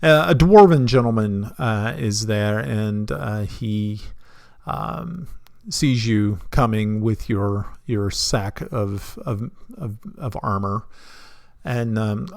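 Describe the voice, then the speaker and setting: A man's voice: fairly low pitch, slow pace, vocal fry, darkish tone, no echo, clean studio sound. A man in the role of game master, narrating a tabletop game in a rambling, self-deprecating way.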